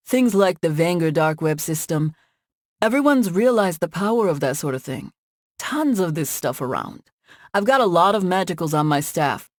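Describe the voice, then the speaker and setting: A woman's voice: lowish voice, dry recording, clean studio sound, natural voice. A woman voicing an easygoing, joking middle-aged man who runs a tech company, in an audiobook.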